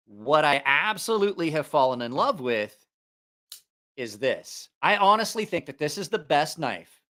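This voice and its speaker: Wearing headphones at a studio mic, a knife reviewer and channel host with a slight Southeast Ohio accent rambles chattily through a casual livestream, often correcting himself. He speaks at a moderate pace in a high-leaning, sing-song, sharp voice.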